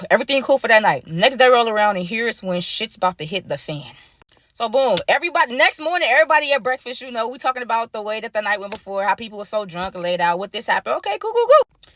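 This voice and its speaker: A young adult woman telling a casual story in an animated, slangy way, acting out what people said. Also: fairly high pitch, fast. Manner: animated slangy retelling, acts out quoted dialogue.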